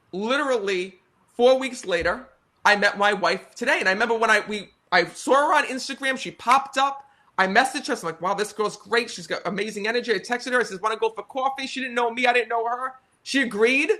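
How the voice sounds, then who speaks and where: An American man in his thirties tells stories with earnest, animated energy. His voice sits high and sounds bright and forceful. He keeps pulling the audience in with "right?" and "you know.". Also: fairly quick. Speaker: psychic medium guest. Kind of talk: casual storytelling conversation.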